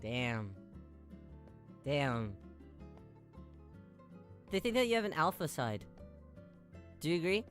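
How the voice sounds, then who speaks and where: Giggly, animated idol streamer woman. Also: low-pitched, takes it slowly, pauses often, faint music behind. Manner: giggly, playful questioner. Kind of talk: casual chat.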